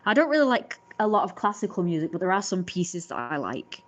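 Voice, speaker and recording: A woman's voice: lowish voice, very animated, brisk. A young woman rambling casually to her livestream viewers, full of fillers and restarts. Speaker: livestream host.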